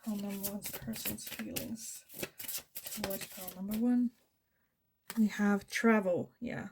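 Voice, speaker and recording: A woman's voice: medium pitch, steady tone, measured pace, noisy background. A woman with a Dutch accent giving a pick-a-card tarot reading, thinking aloud and correcting herself as she goes. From Netherlands. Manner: thinking aloud, self-correcting, soft fillers. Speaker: tarot reader.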